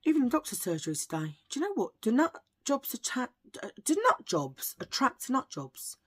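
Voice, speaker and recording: A woman's voice: a little high, wildly swooping pitch, moderate pace, fairly bright tone, slightly rough. A woman chatting to camera as a beauty vlogger, rambling and telling cheesy jokes. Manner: chatty, jokey, rambling asides. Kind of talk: casual chat to camera.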